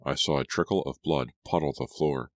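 A man narrating an audiobook in a steady, measured reading style. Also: very deep voice, dry recording, clean studio sound. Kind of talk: scripted storybook narration.

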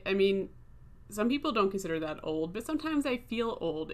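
A woman in her thirties telling a rambling, self-deprecating story as a casual vlog voice-over. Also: lowish voice. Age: 30s. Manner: chatty, self-deprecating, laughs while talking. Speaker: video creator.

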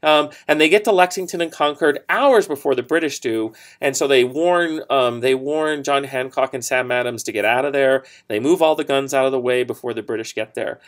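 A man teaching a history lecture, telling the story casually with fillers, asides and quick self-corrections. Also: medium pitch. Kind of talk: recorded classroom lecture.

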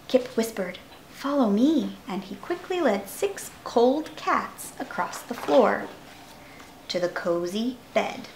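A woman reads a children's picture book aloud in a slow, soothing way. Her voice is fairly high and very lively in pitch. The recording has a roomy echo. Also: slight background noise. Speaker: storyteller.

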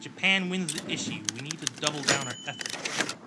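A man's voice: fairly high pitch, a little fast, very noisy. A man casually commenting as he plays a strategy game, thinking aloud about his next moves. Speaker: gameplay commentator and story narrator.

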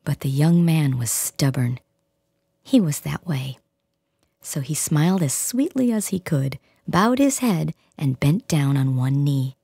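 A woman narrating a storybook in a soft, near-whispered hush. Her voice is low, dark and very breathy, and she reads slowly and gently. The recording is close and dry. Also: big pitch swings, dry recording. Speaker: audiobook reader.

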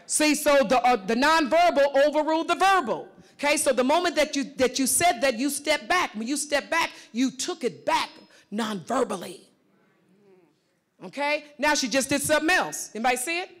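A woman's voice: high-pitched, expressive, a bit bright. A woman leading a live workshop on a conference stage, giving emphatic, direct instructions and calling on the audience. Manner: emphatic, repeats words in quick bursts. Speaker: workshop facilitator. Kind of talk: live coaching session on stage.

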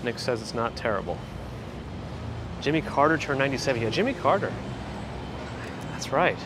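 A man's voice: mid-range voice, lively intonation, normal speed. Man, casual walking livestream, perky and chatty, outdoors, traffic noise behind. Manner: chatty, reads viewer comments aloud. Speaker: livestream host. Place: city streets outdoors. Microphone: handheld phone gimbal mic. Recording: noisy outdoor street audio. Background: street traffic.

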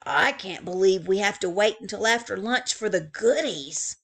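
A woman's voice: medium pitch, expressive, normal speed, fairly bright tone. Woman voicing a young bear boy. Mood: eager. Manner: whispering, eager.

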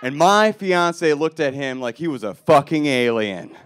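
Self-mocking stand-up comic. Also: male voice, on the high side, measured pace, clean tone. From Milwaukee. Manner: deadpan, self-mocking, with loud punchlines. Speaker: stand-up comedian. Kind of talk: stand-up comedy set. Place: comedy club stage with audience.

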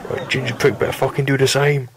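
A young man voicing a foul-mouthed male drill sergeant, shouting and bullying. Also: mid-range voice, flat delivery, fast talker, noisy background, close to an everyday voice. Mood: barking.

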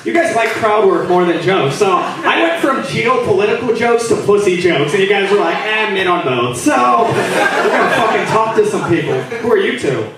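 Brash high-voiced man doing crowd work. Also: animated, normal speed, hardly any pauses. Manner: brash, teasing, laughing between lines. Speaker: stand-up comedian. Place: comedy club stage, live audience. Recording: echoey club room from a distance, loud noise.

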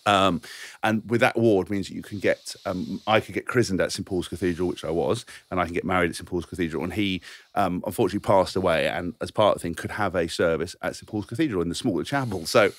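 A man co-hosting a podcast, telling rambling, animated stories in casual chat. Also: sits low, quick pace. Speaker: podcast co-host.

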